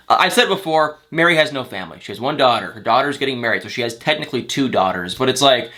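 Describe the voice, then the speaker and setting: A man who hosts a celebrity gossip channel, recapping a reality show in a chatty, exasperated, animated way. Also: medium pitch, brisk, few pauses.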